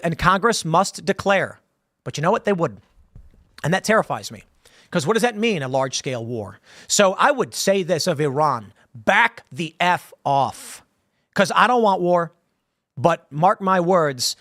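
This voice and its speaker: A man's voice: fairly high pitch, fairly bright tone, no echo, clean studio sound. A man giving an emphatic political opinion monologue, restarting phrases often and acting out quoted voices as he talks. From United States. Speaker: political commentator.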